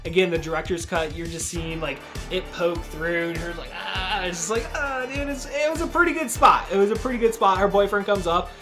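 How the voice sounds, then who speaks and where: A man hosting a podcast, casually recapping a horror movie in a rambling, profane way, full of "dude" and quick acted-out quotes. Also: sits high. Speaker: podcast host reviewing a horror film.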